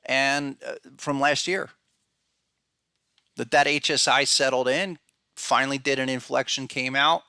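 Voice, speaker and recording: A man does casual market analysis on his podcast, meandering through charts with fillers and restarts and calling out viewers by name. His mid-range voice is fairly even, a little slow, with long pauses and a sharp yet smooth tone. Clean studio sound, no echo.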